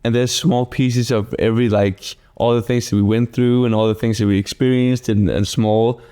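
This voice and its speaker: Mellow Danish man, eager and searching. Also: mid-range voice, steady tone, moderate pace, smooth. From Denmark. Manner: eager, fumbles for English words. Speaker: musician, duo member. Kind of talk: casual interview chat.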